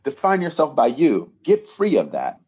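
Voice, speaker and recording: A man in casual conversation telling an animated story, often checking in with "right?". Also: fairly high pitch, normal speed, slightly rough, lo-fi sound.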